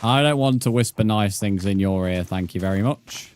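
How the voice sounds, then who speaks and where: Streamer bantering, low voice. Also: male voice, moderate pace, a little mellow, a little hiss or hum. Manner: banters with chat, swears, laughs often. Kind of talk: casual live-stream chat while gaming.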